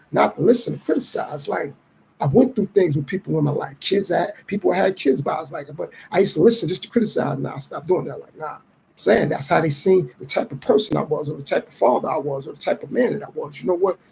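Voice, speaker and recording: Casting: male podcast host, middle-aged, high-pitched, dark and raspy tone, streetwise musing. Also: a little hiss or hum, rough recording. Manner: reflective, streetwise, acts out others' lines in quick voices. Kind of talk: casual podcast monologue.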